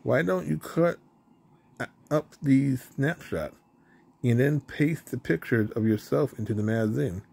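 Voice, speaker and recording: A man voicing a kindly woman nanny who speaks in a gentle, coaxing way. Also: medium pitch, unhurried, gravelly, breathy edge. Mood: encouraging.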